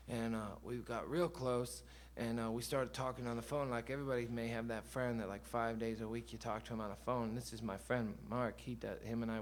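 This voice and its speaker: Between songs at a live show, a male singer-songwriter with a mid-range voice spins a long, meandering story, casual and laced with swearing. Slight background noise can be heard in the concert venue.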